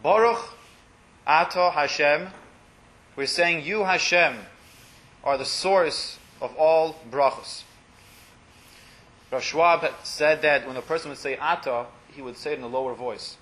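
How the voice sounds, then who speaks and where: A man teaches a religious class to a small group, explaining and translating Hebrew blessings phrase by phrase, line by line. His voice is a little high and a little slow, with long pauses, and it often drops to a quiet murmur.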